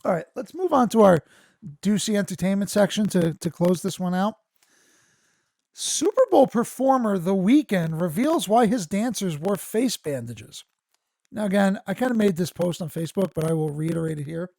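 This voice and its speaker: A podcast host with a gravelly voice reads news articles aloud at a moderate pace, breaking into profane, excitable asides. When he gets worked up, his voice turns squeaky.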